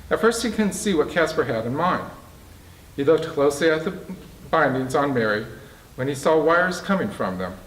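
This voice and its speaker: A man, an author, reading his novel aloud in a bookstore with a steady storytelling delivery. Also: on the high side. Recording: roomy, distant mic in a bookstore.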